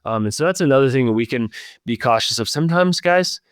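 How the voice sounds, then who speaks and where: A man's voice: medium pitch, animated, fast, clean tone, no room sound, studio quality. A man hosting a leadership podcast, talking in an earnest, reflective way and speaking straight to his listeners. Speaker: podcast host.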